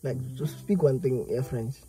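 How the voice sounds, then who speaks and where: A man's voice: mid-range voice, moderate pace, mellow, soft background music. A young man bantering as a friend on a vlog, teasing and cutting in with jokes. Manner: joking, teasing, interjecting. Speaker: co-host friend. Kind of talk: casual banter.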